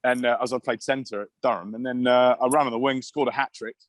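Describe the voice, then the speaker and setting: A man from England, a podcast guest, telling loose, rowdy anecdotes at an average pitch. He swears freely and chuckles his way through the tales. The recording is dry and close, with no room sound. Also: fairly even intonation, brisk, dry recording. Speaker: podcast guest, former rugby player. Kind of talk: casual anecdotal storytelling.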